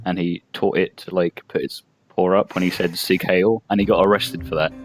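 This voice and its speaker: A man wisecracking and trading quick quips in a gaming chat. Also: low-pitched, fairly even intonation, faint music behind, low-quality recording.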